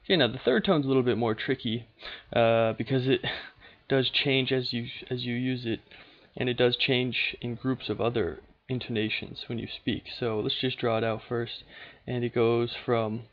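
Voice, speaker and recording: A language teacher with a mid-range male voice gives an unscripted explanatory lesson, patient and steady, pausing often with "okay" and "uh." The audio sounds dull and lo-fi, like an old home video.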